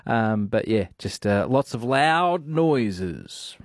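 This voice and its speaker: A man, a radio producer, speaking in a casual, halting way with frequent hesitations. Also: mid-range voice, expressive, no room sound, clean studio sound.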